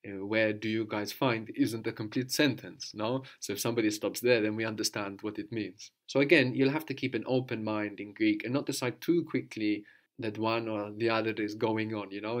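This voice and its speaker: A man's voice: on the low side, steady tone, a little fast. A man teaching a spoken language lesson, patiently explaining and quizzing his student, then repeating the answers.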